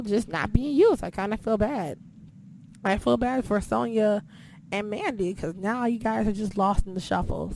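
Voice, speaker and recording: A woman talks in a loose, conversational flow, peppering her sentences with "you know" and casual swearing. Her pitch sits in an ordinary middle range, with a faint hum of noise behind her. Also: a little mellow. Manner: chatty, swears a lot, fills with "you know". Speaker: podcast host. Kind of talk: casual chat.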